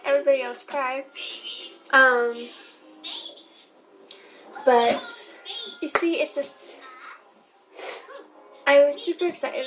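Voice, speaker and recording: High-voiced young woman telling her story. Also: low-quality recording. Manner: chatty, talks straight to viewers. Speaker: vlogger. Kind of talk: personal storytelling to camera. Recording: clear steady background noise.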